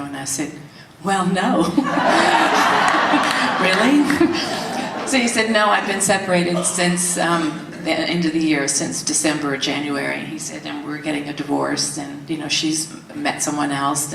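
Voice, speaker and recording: A woman in her sixties with a low voice tells a personal story in an interview, laughing often and acting out what others said. She sounds a little distant from the mic. The room is echoey, with a faint hiss behind her. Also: vocal fry. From Tennessee, US. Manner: animated, laughs often, acts out quotes.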